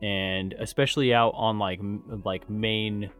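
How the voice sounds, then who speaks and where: A man's voice: on the low side, steady tone, unhurried, a bit bright, clear, resonant tone, soft background music. A man in casual podcast chat, laid-back and joking, swearing freely as he tells stories.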